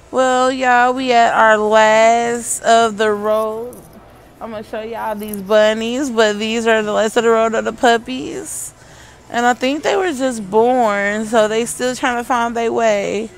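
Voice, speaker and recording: A woman's voice: on the high side, steady tone, slow, faint music behind. A woman filming a casual vlog in a pet store, cooing at puppies. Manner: cooing, baby-talk at puppies. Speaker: vlogger.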